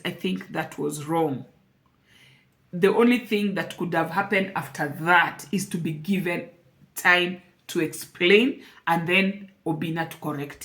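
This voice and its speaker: A woman's voice: fairly low pitch, fairly bright tone. A woman speaking to camera in an emotional personal vlog, earnest and repeating phrases for emphasis. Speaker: vlogger.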